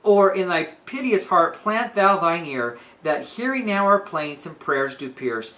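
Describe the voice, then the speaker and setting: A woman's voice: lowish voice, lively intonation, a little slow, a bit bright. Woman playing an earnest pleading noblewoman. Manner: earnest, emphatic verse recitation. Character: pleading noblewoman mother begging a king. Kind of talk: dramatic reading of verse.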